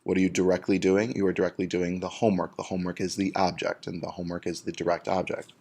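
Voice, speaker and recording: A man, a Spanish teacher, explaining a grammar lesson step by step and slowing down on the example words. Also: low-pitched, level tone, gravelly, darkish tone.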